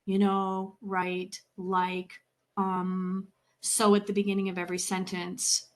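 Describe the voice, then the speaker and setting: Woman, communication coach at the lectern: measured, instructive, firm emphasis, middle pitch. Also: monotone. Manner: measured and deliberate, with clear emphasis and pauses; instructive, lists points one by one. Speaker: communication skills coach and presenter. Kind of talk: professional talk to a meeting.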